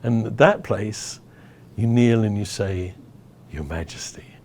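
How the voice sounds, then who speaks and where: A man's voice: on the low side, steady tone, slow, a little hiss or hum. English man teaching on stages of worship. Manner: storytelling, acts out crowd chants loudly. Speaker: worship leader.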